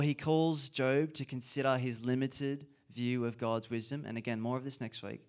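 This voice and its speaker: A man giving an earnest, reflective sermon and repeating key phrases for emphasis. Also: mid-range voice. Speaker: preacher.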